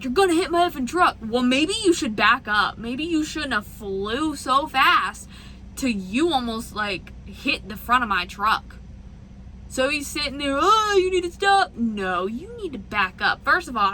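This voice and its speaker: A woman truck driver vlogging in an animated, exasperated rant from inside her truck cab. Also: a little high, a little hiss or hum, rough recording. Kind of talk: casual ranting vlog.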